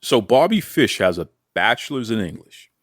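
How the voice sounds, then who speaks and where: A man's voice: fairly low pitch, sing-song, normal speed, dry recording, studio quality. A man hosting a wrestling interview show, asking questions in a playful, teasing way. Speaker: podcast host.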